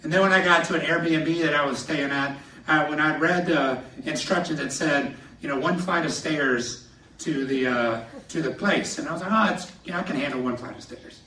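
Bright-voiced male pastor in echoey hall. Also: fairly high pitch, normal speed, slight background noise. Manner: animated, laughing through stories. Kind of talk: sermon with personal storytelling. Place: church sanctuary, speaking from a podium. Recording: echoey hall, somewhat distant.

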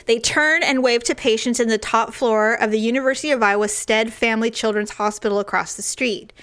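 A woman's voice: on the high side, brisk, clear, resonant tone. A woman co-hosting a podcast in casual chat, telling stories with frequent laughs and getting choked up as she reads a heartfelt story. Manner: chatty, laughs often, animated storytelling; gets emotional, choked up while reading. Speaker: podcast co-host.

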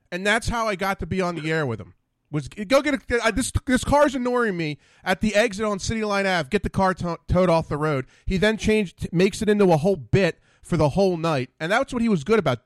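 A man hosts his podcast with a high, bouncing voice that swings up and down as he tells stories. He laughs easily and keeps things loose. The recording is dry and close, with no room sound. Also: dry recording. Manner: animated, laughs often while telling stories. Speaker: podcast host. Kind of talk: casual chat, storytelling.

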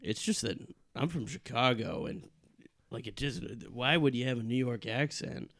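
A man doing a gruff boss who grumbles and cuts people short, in a plain mid-range voice. The recording is dry and close. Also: mid-range voice, lively intonation, moderate pace, fairly bright tone, no room sound. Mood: irritated. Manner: blunt, grumbling. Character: gruff male Wall Street boss, impatient. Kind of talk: improvised comedy podcast sketch.

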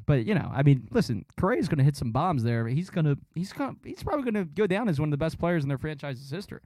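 A man chatting casually about sports on a podcast, animated and fond of doing impressions. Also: fairly high pitch, fast talker, no echo. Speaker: podcast host.

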